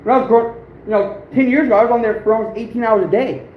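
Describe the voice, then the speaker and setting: A man in his thirties rambles through a loose livestream chat, chuckling as he goes. His voice sits high for a man. The sound comes through thin and phone-like, with a roomy echo and a faint hiss. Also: rapid-fire. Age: 30s. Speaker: outdoors livestream host. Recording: phone-like echoey room with faint noise.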